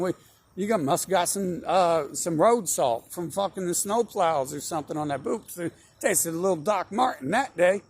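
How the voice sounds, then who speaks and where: Young guy ranting and rambling, slightly high voice, kinda husky, lots of "like" and cussing. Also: lively intonation, moderate pace. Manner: rambling, profane, full of fillers and restarts. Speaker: channel host. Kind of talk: rambling monologue.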